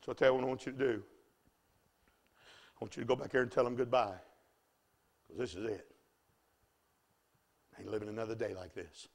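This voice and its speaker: A man's voice: steady tone, brisk, creaky, pauses often. A man voicing a stern male judge who lays down a firm, final ruling in blunt country speech. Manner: blunt, low and clipped.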